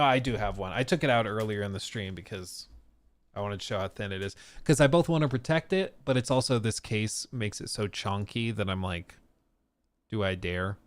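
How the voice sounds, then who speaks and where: A chatty male streamer talking casually with a lively, swinging pitch. His voice sits close and dry on the mic, with no room sound around it. He laughs often as he chats. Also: clean tone, no room sound. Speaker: streamer host. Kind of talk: casual live-stream chat.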